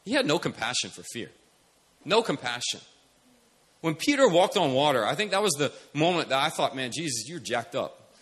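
A man preaching a sermon, animated, shifting from soft mimicry to loud commands. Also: a little high, moderate pace, slightly rough. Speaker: pastor.

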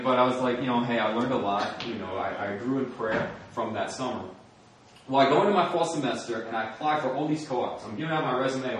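A man's voice: mid-range voice, slight background noise. A middle-aged man from the United States giving a sermon testimony, telling his story and laughing often. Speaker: speaker at a church or campus ministry gathering. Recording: echoey room from far off.

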